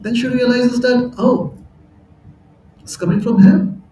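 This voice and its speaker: A man tells a sermon story in a chatty way, often laughing at his own jokes. His voice sits high and mellow, and he speaks slowly. He sounds distant in an echoing hall. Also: steady tone, highs cut off, slight background noise. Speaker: temple speaker. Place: temple hall. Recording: echoey hall, voice from far off.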